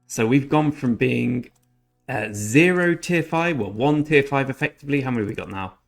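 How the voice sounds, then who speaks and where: A man's voice: medium pitch, lively intonation, normal speed, vocal fry, soft background music. A man rambling through casual commentary over his strategy game, often correcting himself mid-sentence. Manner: chatty, rambling, self-correcting. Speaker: gaming channel host.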